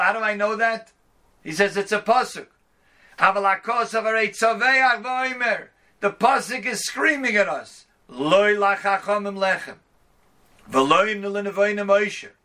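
Bright, high-voiced rabbi teaching emphatically. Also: male voice. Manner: emphatic, quotes a Hebrew verse and then explains it. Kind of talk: Torah class lecture. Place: online class.

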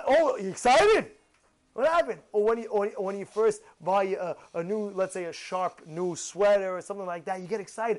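A man teaching a Torah class, animated, acting out excited voices with gasps and rhetorical questions. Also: sits high, moderate pace.

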